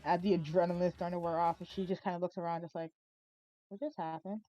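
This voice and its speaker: A woman's voice: lowish voice, flat delivery, racing, mellow, dull audio, faint music behind. A woman playing in a tabletop game who politely describes what her character does and steps back to let others speak. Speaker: player. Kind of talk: casual tabletop play.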